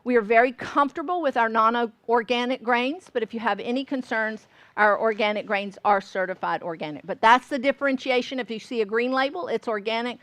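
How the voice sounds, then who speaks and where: A woman's voice: fairly high pitch, a little fast, few pauses, fairly bright tone, no room sound. A woman from Georgia, teaching a baking class in a folksy way and often checking that listeners follow. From Georgia, US South. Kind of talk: cooking class demonstration. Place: store classroom.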